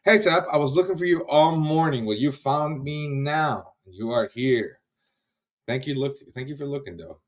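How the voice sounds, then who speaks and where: A fairly high-pitched man speaking at an ordinary pace hosts a laid-back livestream. He calls out viewers by name, laughs a lot, and tends to trail off and restart his sentences in casual chat.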